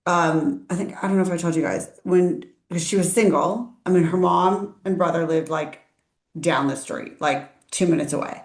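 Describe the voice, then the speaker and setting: A middle-aged woman talks in a chatty, animated way, and her voice sits a little low for a woman. She acts out quotes with big jumps in pitch. The room around her has a noticeable echo. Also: moderate pace. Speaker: interview host, IVF parent. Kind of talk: casual interview chat. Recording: roomy echo.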